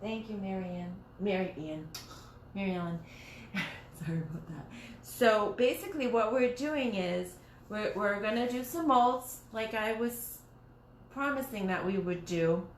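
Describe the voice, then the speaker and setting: A woman's voice: medium pitch, measured pace. A woman hosting a casual live stream from her dining room, chatting in a rambling way and often restarting her sentences. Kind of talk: casual live-stream chat while crafting. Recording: roomy echoey home room, faint noise.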